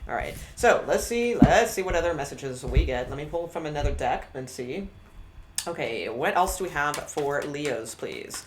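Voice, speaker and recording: Low voiced lady doing a tarot reading, blunt, lots of restarts, bit of hiss. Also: expressive, normal speed, darkish tone. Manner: candid, blunt, rambling with many restarts. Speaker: tarot reader.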